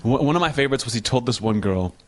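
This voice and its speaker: A man's voice: medium pitch, expressive, fast talker, a little hiss or hum. A man, a comedian guest on a talk show, telling brash, sardonic anecdotes in casual chat.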